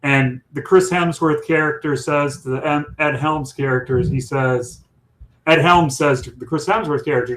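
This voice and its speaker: A man's voice: fairly high pitch, moderate pace, fairly bright tone, poor audio. A man co-hosting a casual chat show, talking in a rambling, chatty way. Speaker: co-host.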